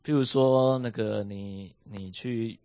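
Male teacher, lively and questioning, dull dry recording. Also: on the low side, slow pace, dry recording. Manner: animated, asks the class questions, switches between English and Mandarin. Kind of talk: bilingual class lesson. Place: home with a basement.

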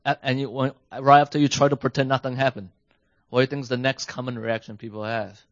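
A man teaching a class, quizzing his listeners and jumping up in pitch when he acts out a reaction. The sound is dry and a bit dull. His voice is medium in pitch. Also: fast talker, dry recording. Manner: animated, asks the class questions, switches between English and Mandarin. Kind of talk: bilingual class lesson. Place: home with a basement.

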